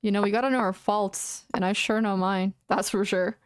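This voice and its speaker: A woman's voice: medium pitch, steady tone, moderate pace, clear, resonant tone, dry recording, studio quality. A young woman streaming chess, muttering anxious, casual commentary to herself and repeating words as she plays. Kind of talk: casual live-stream commentary while playing.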